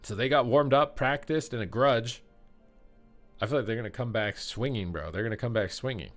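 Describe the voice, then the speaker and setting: Excitable male esports caster. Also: mid-range voice, faint music behind. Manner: excitable, chatty, reads out chat; rapid play-by-play calling. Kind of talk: live game commentary.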